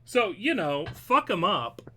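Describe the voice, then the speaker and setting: Here is a man with a high, sharp voice running a tabletop game as dungeon master. He narrates with a cheeky, swearing humor and often breaks into laughter. His tone stays crisp and forward throughout. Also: very animated, a little slow. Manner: playful, profane, laughing while narrating.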